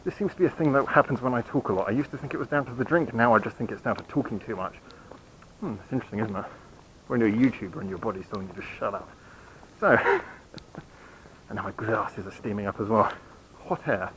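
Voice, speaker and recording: A channel host with a fairly low, somewhat bright voice talks briskly while filming a handheld walking vlog on a quiet city street at night. He rambles apologetically, mocks himself, and hiccups now and then; the audio is poor, with slight background noise.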